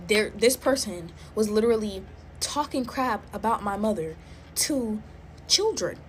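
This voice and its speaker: A woman's voice: medium pitch, animated, a little slow, slight background noise, low-quality recording. A woman in her twenties chatting casually while making slime, drawling and filling her talk with "like" and "y'all". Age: 20s.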